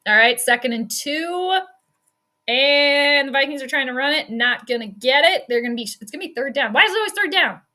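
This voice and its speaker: A woman with a high-pitched, sharp and bright voice calls a football game live from her home stream. She talks casually, laughs often, and reads out her chat as she goes. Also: lively intonation, fairly quick. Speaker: sports streamer doing live game commentary. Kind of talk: casual live play-by-play commentary.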